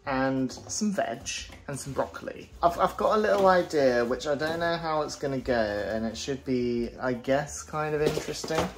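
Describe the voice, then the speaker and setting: A man's voice: mid-range voice, moderate pace, hardly any pauses, slight background noise. A man chatting casually and cheerfully through a cooking vlog, poking fun at himself. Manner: chatty, upbeat, self-deprecating. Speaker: vlogger.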